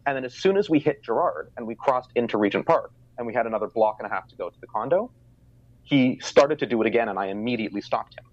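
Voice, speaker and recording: A young Canadian man recounts a memory in an unhurried, thoughtful way, pausing on ums and uhs. His voice sits at an ordinary pitch. The sound is dry and a little muffled. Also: animated, no echo. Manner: reflective storytelling with fillers. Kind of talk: casual conversation. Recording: dry, slightly dull sound.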